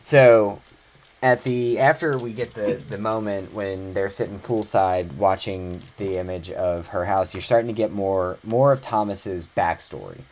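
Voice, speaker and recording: A man co-hosting a podcast, talking in a relaxed chatty way with halting restarts. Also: lowish voice. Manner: chatty, with halting restarts and frequent "you know". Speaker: podcast co-host. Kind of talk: casual chat.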